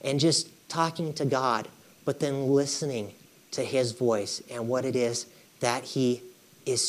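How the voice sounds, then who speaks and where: A man preaching a conversational sermon, emphatic and repetitive, often checking in with his listeners. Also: medium pitch. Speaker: pastor.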